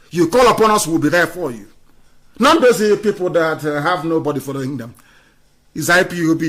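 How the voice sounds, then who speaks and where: A man delivering an impassioned political radio address, scornful and fiery, swinging between loud outbursts and quiet asides. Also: on the high side. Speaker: radio broadcaster.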